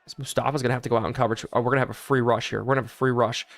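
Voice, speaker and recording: A man's voice: mid-range voice, rapid-fire, creaky. A man streaming live, calling a football video game play by play, hyping big plays and reading out viewers' chat messages. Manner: hyped play-by-play, chatting with viewers; excited yelling on big plays. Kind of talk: live gameplay commentary.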